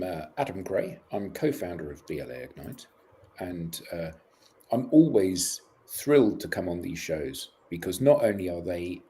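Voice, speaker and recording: Male co-founder, deep-ish voice, faint noise behind, casual. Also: mellow. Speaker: company co-founder, panelist. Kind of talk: casual chat.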